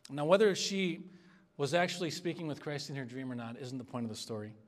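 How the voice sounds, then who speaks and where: A pastor with a medium-pitched, steady voice speaks briskly while preaching an expository sermon. He's earnest and conversational, asking the congregation to respond.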